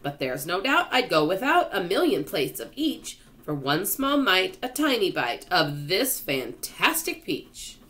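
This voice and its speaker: A woman reading aloud and voicing a boastful male centipede who recites his verse slowly in a sing-song way. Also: lowish voice, very animated, a bit bright.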